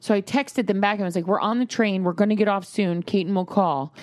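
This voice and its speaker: A woman's voice: medium pitch, fast talker, no echo, clean studio sound. A woman in her thirties, a podcast host, telling a family story in casual chat and acting out what people said. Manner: animated storyteller, acts out quotes.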